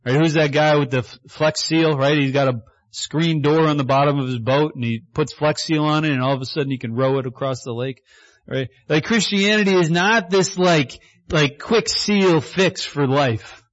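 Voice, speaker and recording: A man preaching a sermon in a chatty, storytelling way, acting out little scenes and rising to excited shouts. His voice sits a little high for a man. The recording sounds dull and lo-fi. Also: moderate pace. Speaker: pastor.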